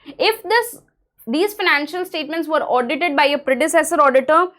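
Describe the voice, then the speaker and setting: A woman's voice: high voice, moderate pace, fairly bright tone. A young Indian woman with an Indian English accent giving an exam-prep audit lecture, switching between English and Hindi as she explains. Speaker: audit teacher.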